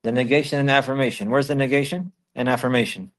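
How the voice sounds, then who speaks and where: A man with a medium-pitched, steady voice speaks fast while teaching an Islamic lesson. He recites texts in Arabic, then explains them in English, repeating key phrases for emphasis.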